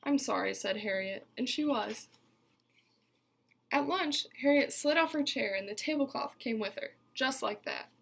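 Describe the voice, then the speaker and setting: A woman's voice: high-pitched, measured pace, gravelly, fairly bright tone, a little hiss or hum. A woman teacher reading a picture book aloud to her class, telling it expressively and stopping to ask the children questions.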